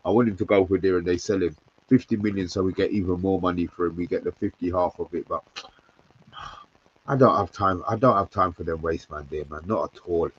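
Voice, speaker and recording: A man's voice: deep voice, fairly even intonation, brisk, breathy edge. A man, joining a live stream over a remote call, blunt and ranting with swearing. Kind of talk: casual live stream chat. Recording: dull lo-fi remote call audio.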